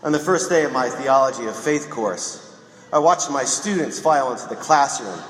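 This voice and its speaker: A man gives a homily in a measured, reflective voice, pausing often. His voice rings through a big church with a long reverb tail. A faint room hum sits underneath. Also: medium pitch, expressive, a bit bright. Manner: measured, reflective preaching with pauses. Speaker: priest. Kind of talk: sermon. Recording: roomy echo in a large church.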